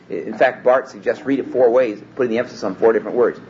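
A man's voice: medium pitch, fast talker, few pauses, darkish tone. A man giving an expository Bible lecture, emphatic and often stopping to restart his sentences. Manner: emphatic, hesitant with many restarts. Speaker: Bible teacher. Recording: dull lo-fi recording with faint room hum.

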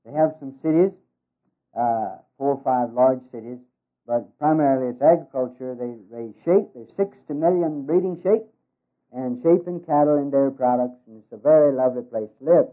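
A man's voice: mid-range voice, moderate pace. A man giving a humorous talk as a ministry worker, in a folksy way with many hesitations. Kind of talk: humorous speech with jokes. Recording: tinny phone-like radio recording.

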